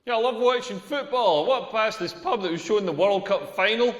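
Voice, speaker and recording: A man's voice: sits high, a little fast, fairly bright tone. A Scottish man doing a crude, self-deprecating stand-up comedy set on a club stage. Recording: echoey room with long reverb.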